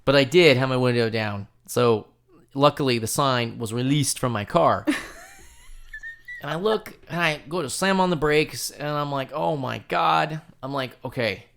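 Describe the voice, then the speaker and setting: A man hosting a podcast, telling a story in a casual, profane, animated way and laughing often. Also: mid-range voice, moderate pace, clean tone. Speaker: podcast host.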